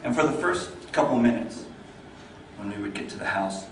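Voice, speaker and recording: A man's voice: normal speed, a little hiss or hum. Man telling a story in an echoey hall. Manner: animated, builds up energy then drops low. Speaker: club speaker. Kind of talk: storytelling speech. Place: meeting hall. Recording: echoey hall, mic far off.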